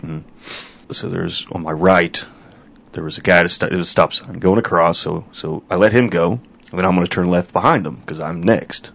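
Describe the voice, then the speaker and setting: A man in casual chat, rambling through a story with crude humor. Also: deep voice.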